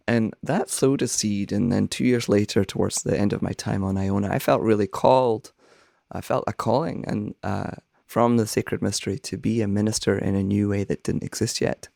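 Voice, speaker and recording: A man's voice: lowish voice, steady tone, moderate pace, creaky, darkish tone, dry recording, studio quality. A man who is a minister and songwriter, talking thoughtfully and earnestly in a soothing, scratchy voice, sometimes searching for words. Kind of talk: reflective conversation.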